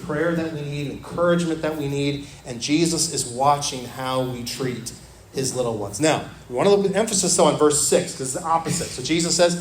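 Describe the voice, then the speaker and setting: A man preaching a sermon as pastor in a church. He talks earnestly and repeats his phrases, dropping to a soft, low voice when he quotes scripture. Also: brisk. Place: church sanctuary. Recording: echoey church room with faint ambience.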